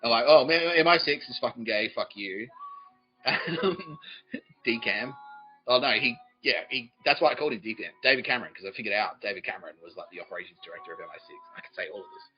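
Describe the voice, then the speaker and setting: A podcast host with a fast, expressive, mid-range voice tells a rambling comic story loaded with swearing, laughing often and imitating other people. The audio sounds dull and lo-fi, with faint music in the background.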